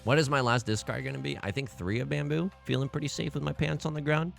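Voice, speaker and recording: A man's voice: medium pitch, fairly even intonation, fast talker, gravelly, soft background music. A young man commentating his own game in a sarcastic, self-mocking way, with sudden theatrical outbursts. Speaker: let's play host.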